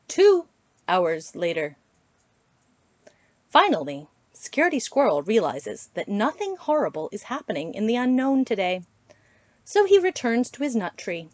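A woman reading a children's picture book aloud in a slow, expressive storytelling voice. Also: no echo. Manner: slow, expressive read-aloud with big pitch swings.

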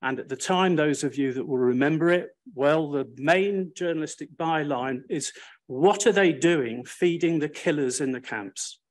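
A man's voice: on the high side, moderate pace. An older man speaking on a panel, recounting history in a wry, self-deprecating and emphatic way. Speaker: panel speaker, Sphere's first chair.

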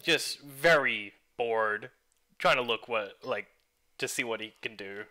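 A man's voice: mid-range voice, sharp tone. A man playing in a tabletop game, describing his character hesitantly. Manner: hesitant, slow. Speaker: player. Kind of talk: casual chat.

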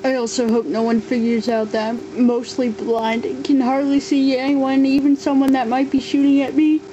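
A woman's voice: high-pitched, little pitch movement, normal speed, dull audio, background noise. A woman voicing all the figures of a homemade toy war story, switching playfully between characters. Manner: playful, voices many toy figures in turn. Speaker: amateur stop-motion voice performer. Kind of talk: kid-style toy play acting.

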